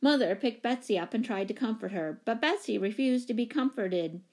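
A woman narrating a children's storybook with a lively, expressive reading. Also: fairly high pitch, normal speed. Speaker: audiobook narrator.

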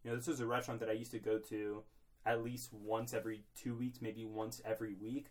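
A man's voice: fairly low pitch, flat delivery, a little fast, darkish tone. A young man co-hosting a podcast in a small closet, rambling mock-seriously with lots of filler words. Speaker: podcast co-host. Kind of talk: comedic casual chat.

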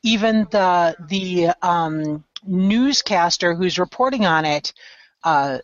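A woman's voice: on the low side, expressive, slow pace, dry recording. A woman on a podcast panel, talking through a film earnestly and repeating her points for emphasis. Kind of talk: casual movie discussion. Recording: muffled, dry podcast audio.

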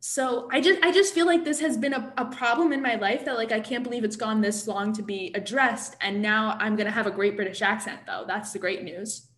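A woman co-hosting a podcast, chatting in a self-deprecating way. Her voice sits a bit high, and the room gives it a noticeable echo. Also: brisk, hardly any pauses, a bit bright. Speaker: podcast co-host. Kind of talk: casual podcast chat.

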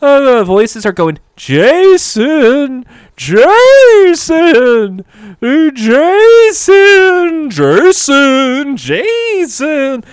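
A young man in full panic cries out in a shrill, frantic voice far above normal speech, as a man puts him on. Each cry comes out loud, and the sound is dry and close. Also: wildly swooping pitch, very slow, dry recording, exaggerated voice. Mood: panicked.

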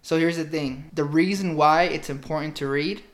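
A man co-hosting a podcast in casual chat, talking with lively energy and laughing often, a Spanish speaker first. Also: fairly high pitch, moderate pace, echoey room. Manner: animated, laughs often, does mock phone voices. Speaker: podcast co-host.

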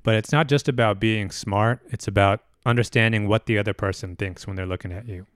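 A man's voice: on the low side, steady tone, a little fast, no room sound, clean studio sound. A man in casual chat, laid-back and musing, loose with his fillers.

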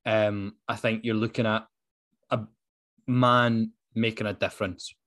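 A man's voice: fairly low pitch, little pitch movement, unhurried, fairly bright tone. Man, Dundee Scottish accent, podcast co-host, casual chat, earnest, lots of ums. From Dundee, Scotland. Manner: earnest, passionate, with frequent ums.

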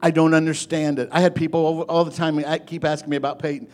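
A man preaching a sermon as pastor, moving from soft, low asides to loud, rising exhortation. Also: flat delivery, fast.

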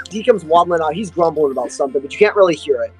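A man's voice: a little high, lively intonation, fast, soft background music. A young man running a tabletop game as game master, rambling and laughing with his friends. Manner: rambling, full of restarts, laughing.

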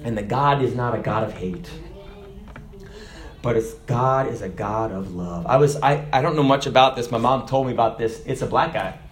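A man preaching a sermon, telling jokes and stories, with sudden shouted lines. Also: medium pitch, normal speed. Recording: echoey room.

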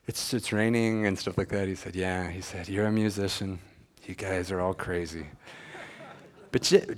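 A middle-aged man giving an earnest personal testimony, acting out the dialogue he recalls. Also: low-pitched. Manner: earnest storytelling, acts out quoted dialogue. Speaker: speaker at a church gathering.

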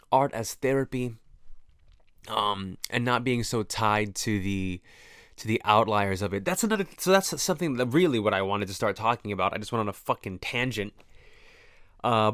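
A man's voice: mid-range voice, a bit bright, no room sound, clean studio sound. A man talking to camera in a rambling, profane, reflective monologue that keeps interrupting itself. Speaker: vlogger. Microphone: camera mic, close.

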